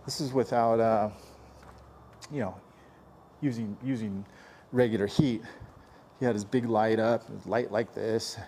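A man's voice: lowish voice, fairly even intonation, a little slow, pauses often, mellow, slight background noise. A man chatting and joking as he repairs a car dent, grumbling under his breath now and then. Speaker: paintless dent repair technician. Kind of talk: casual running commentary while working.

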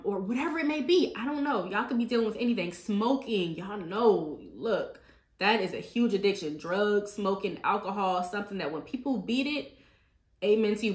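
A woman hosting a ministry talk, giving an earnest personal faith testimony in a conversational way and speaking to listeners as y'all. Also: mid-range voice. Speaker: ministry host. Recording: echoey room.

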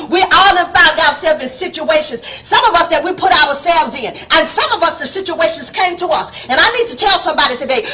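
Brief: woman preacher, high bright voice, impassioned, sometimes shouting. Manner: impassioned, preachy, calls listeners baby, rising to shouts; acts out soft and stern quoted voices. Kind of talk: fiery devotional sermon.

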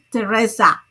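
A woman's voice: on the high side, sharp tone, slightly rough. A woman hosting a crochet livestream, chatting casually, greeting viewers by name and laughing often.

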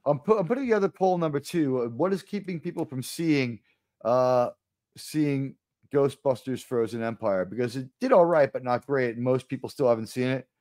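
A man with a New York accent hosting a casual live stream, rambling and restarting his sentences, with sudden animated bursts. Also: mid-range voice, moderate pace, no echo, clean studio sound. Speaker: livestream host.

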